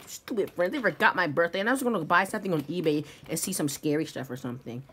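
A woman's voice: fairly low pitch, expressive, fairly bright tone, slight background noise. A woman playing a whiny, stammering birthday friend. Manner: stammering, whiny, quick to insult. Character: petulant friend upset her birthday was forgotten. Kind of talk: amateur toy-video acting.

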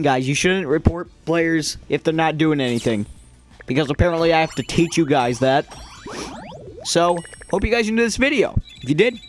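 A young man rambling and joking through casual gameplay commentary as a gaming video creator. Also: a little high.

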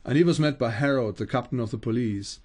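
A man reads an old account aloud for a teaching broadcast. His delivery is unhurried and plain, with a few small stumbles and restarts. His voice sits at a middle pitch for a man. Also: a little mellow. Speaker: Bible teacher. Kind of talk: reading an ancient account aloud.

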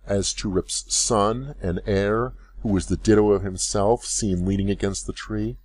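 A man reading a classic story aloud as narrator, in measured storytelling. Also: lowish voice, steady tone, darkish tone, dry recording. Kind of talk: scripted audiobook narration.

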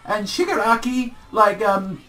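A man's voice: sits high, fairly even intonation, unhurried, sharp tone. Rambling, profane man reviewing comics. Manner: rambling, profane, heavy on fillers. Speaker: manga reviewer. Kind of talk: casual review vlog.

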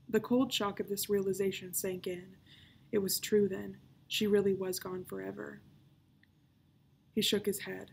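A woman, a children's librarian, reading a novel aloud in a calm, even storytelling voice. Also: mid-range voice, moderate pace, gravelly, a little hiss or hum.

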